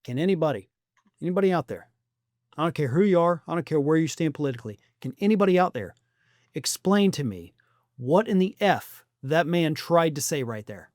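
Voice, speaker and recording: A man's voice: on the high side, lively intonation, a little fast, darkish tone, no echo, studio quality. Blunt, sarcastic male political commentator. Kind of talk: opinion commentary monologue.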